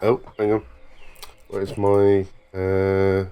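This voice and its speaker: A man's voice: low voice, completely flat delivery, very slow, dark tone, smooth. A man joining a tabletop game in casual chat, laid-back with joking asides. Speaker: player.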